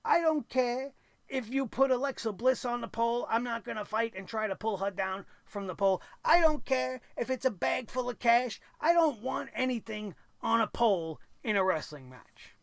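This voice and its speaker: A man's voice: very high voice, expressive, normal speed, creaky, no room sound. Ranting man with a dry close sound. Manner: blunt, crude, exasperated, sarcastic. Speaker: wrestling show reviewer. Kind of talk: opinionated recap rant.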